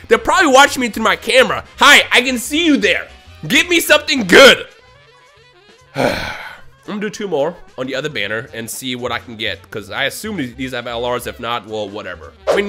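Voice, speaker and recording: A man commentating his own mobile game pulls for a video, swinging between low grumbling and shouted, exasperated outbursts. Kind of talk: gaming vlog commentary.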